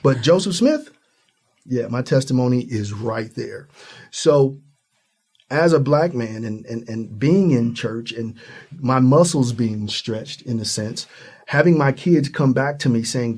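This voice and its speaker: A man from Ohio in the US Midwest, a guest in a conversational interview, talking earnestly and acting out the people in his stories. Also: measured pace. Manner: earnest, animated storytelling, acts out high-pitched quoted voices.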